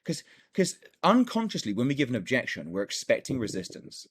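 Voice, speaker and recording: A man's voice: mid-range voice, huge pitch swings, a little fast, breathy edge. A man teaching a recorded sales course as a coach, enthusiastic, repeating words and filling gaps with "done, done, done".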